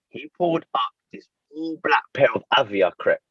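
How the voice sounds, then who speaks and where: A man, co-hosting a casual chat and telling a story with lively, self-mocking slang. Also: mid-range voice, a little fast, hardly any pauses, husky, dry recording, lo-fi sound. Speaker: podcast co-host.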